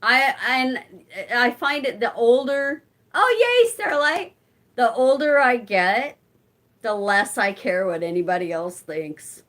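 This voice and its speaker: Slow-talking woman chatting to viewers. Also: a little high, big pitch swings, a bit bright. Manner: chatty, talks to her cat between replies to viewers. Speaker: channel host. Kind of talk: casual live-stream chat with viewers.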